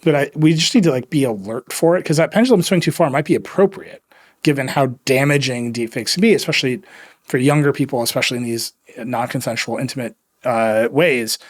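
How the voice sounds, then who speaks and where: A man's voice: medium pitch, a little fast. A man hosting a tech podcast in casual chat, wry and rambling, slipping into quoted asides. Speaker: podcast host.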